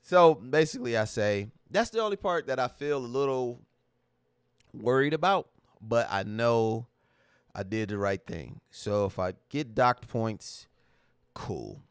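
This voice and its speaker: A man's voice: mid-range voice, animated, measured pace, clean tone, dry recording, clean studio sound. A man hosting a livestream, talking casually to his chat in a candid, emotional, slang-heavy way that repeats itself. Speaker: livestream host.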